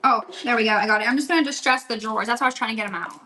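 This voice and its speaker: Racing along in a voice on the high side, with background noise behind her, a woman hosts a laid-back crafting livestream at her home table. She's a chatty seller host who reads viewer comments out loud while working.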